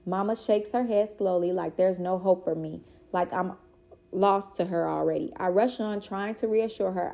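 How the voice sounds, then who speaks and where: Woman reading a kids book aloud, mellow warm voice, steady. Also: medium pitch, normal speed, creaky. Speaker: reader. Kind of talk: children's book read-aloud.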